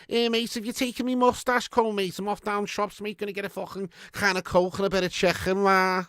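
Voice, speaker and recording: A man's voice: high-pitched, level tone, brisk, a bit bright, clear, resonant tone, dry recording, clean studio sound, pitched above the performer's own voice. A man doing a mocking impression of a brash, moustached Liverpool man with an exaggerated Scouse accent. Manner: mocking sketch-comedy impression, repeating catchphrases.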